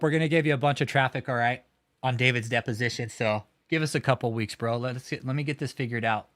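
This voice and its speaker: A man's voice: mid-range voice, fast talker, a bit bright. Blunt, cursing male livestreamer outdoors. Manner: profane, blunt, mocking. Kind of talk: casual livestream commentary.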